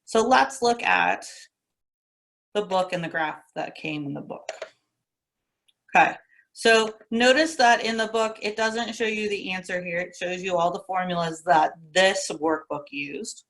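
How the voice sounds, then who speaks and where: A woman with a somewhat low voice lectures in a recorded lesson. She walks through each step methodically and repeats the key points, in a casual, practical classroom way. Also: animated, a little slow, a bit bright. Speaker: teacher.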